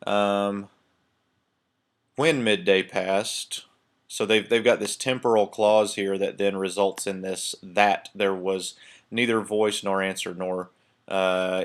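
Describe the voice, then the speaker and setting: A man giving a casual recorded lesson on a Bible passage, thinking aloud with many pauses, fillers and restarts. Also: sits low, smooth. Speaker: Bible teacher. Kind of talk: screen-share lecture on Hebrew text.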